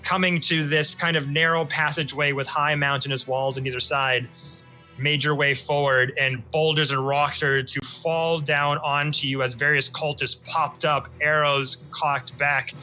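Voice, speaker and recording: Bright-voiced male game master. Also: on the high side, normal speed, muffled recording, soft background music. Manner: casual, relaxed narration with fillers. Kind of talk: narrating a tabletop game.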